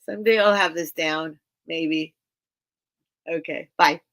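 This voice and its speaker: A woman's voice: sits low, takes it slowly, a bit bright. A woman hosting a casual livestream sale, chatting with viewers in a rambling, earnest way with many restarts. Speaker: livestream seller and host.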